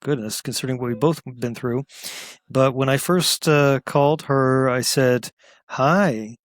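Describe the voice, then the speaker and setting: Co-host, man, mid-pitched, relaxed and chatty, dry sound. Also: normal speed, dry recording. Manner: easygoing, talkative, chuckles. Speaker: podcast co-host. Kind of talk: casual chat.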